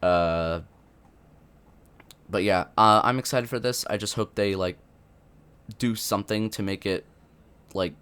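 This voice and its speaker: A man's voice: fairly low pitch, unhurried, pauses often, a bit bright, smooth. A young man giving unscripted commentary on a video game update, rambling with many fillers and restarts. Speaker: gaming youtuber.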